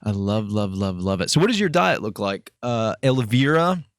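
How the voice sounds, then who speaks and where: A man's voice: fairly low pitch, very animated, normal speed, no echo, studio quality. A man hosting a podcast interview in a chatty, joking way, laughing at his own quips. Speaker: podcast host. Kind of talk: casual interview.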